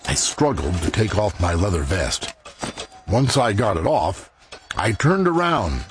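A man narrating his own story in an audio drama, folksy and unhurried, acting out his scenes with emotion. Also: lowish voice, sing-song. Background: music.

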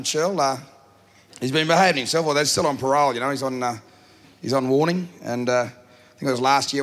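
A man's voice: medium pitch, fairly bright tone. An Australian man tells a comic yarn in a chatty way, with plenty of "uh" fillers. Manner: chatty, filler-laden storytelling with lots of "uh". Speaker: yarn teller.

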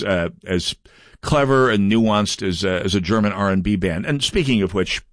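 A man's voice: lowish voice, dry recording, studio quality. A middle-aged man from North Dakota hosting a political talk radio show, delivering a sardonic, mocking monologue.

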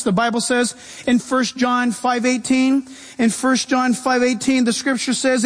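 A man preaching a sermon as a pastor, animated and shifting voices as he makes his points. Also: extremely high pitch, big-room sound.

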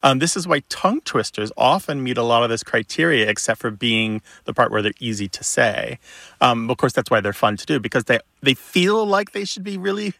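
A man co-hosting a radio call-in show, explaining language in a relaxed, explanatory way. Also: mid-range voice, brisk, gravelly, dry recording. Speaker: co-host, word expert.

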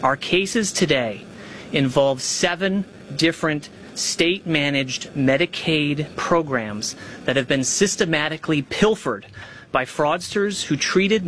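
A man giving a formal statement at a press conference, measured and emphatic, with a slightly raised pitch. Faint noise sits under his voice. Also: lively intonation, fairly bright tone. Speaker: government official at a press conference.

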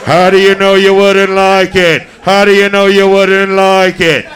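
A man's voice: high-pitched, monotone, a little slow, a bit bright, slight background noise, voice pushed down. Man doing a taunting voice in his head. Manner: taunting, insinuating. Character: scarier male voice in a man's head, taunting.

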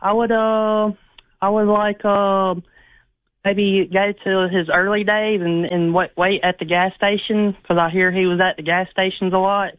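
A man from Mississippi calling in to a radio show, speaking in a halting, hesitant way. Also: high-pitched, little pitch movement, dry recording. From Mississippi, USA. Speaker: caller. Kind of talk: radio call-in chat. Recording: phone line.

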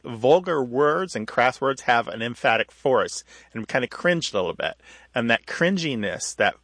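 A man's voice: mid-range voice, expressive, normal speed, fairly bright tone, no echo. A male radio co-host explaining how words become vulgar, thoughtful and patient, with small restarts. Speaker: radio show co-host, language expert.

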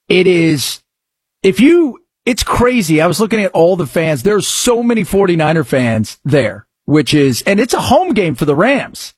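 Husky guy hosting talk radio, fairly high voice, dry studio sound, rambly and hyped. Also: dry recording. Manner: excitable, rambling, riffing on sports news. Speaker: radio talk show host.

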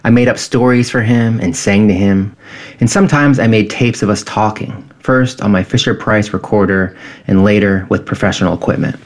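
Low-voiced man reading a personal essay. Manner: quiet, measured, reflective.

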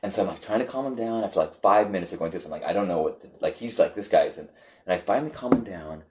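Excitable man with halting restarts. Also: deep voice, background noise. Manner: halting, many restarts, animated retelling. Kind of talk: casual storytelling chat.

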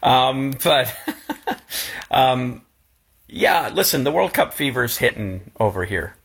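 A man speaking in a casual chat, halting with many restarts as he talks about something that moved him. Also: medium pitch, sing-song, creaky, fairly bright tone, husky.

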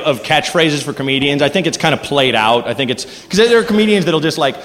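A man doing a stand-up comedy set on a club stage, animated and quick to slip into silly voices. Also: on the high side. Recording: live club recording with hall echo and noise.

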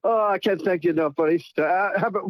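Thankful guy on a call-in, high voice, trips over his words, dry sound. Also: a little fast, no echo, dull audio. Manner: effusive, stumbling over words. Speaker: caller. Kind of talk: phone-in call.

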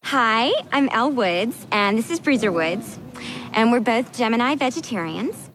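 A woman's voice: fairly high pitch, lively intonation, moderate pace, a bit bright. An actress playing a bubbly young woman law student, introducing herself cheerfully in a film scene. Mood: chirpy. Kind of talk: film dialogue.

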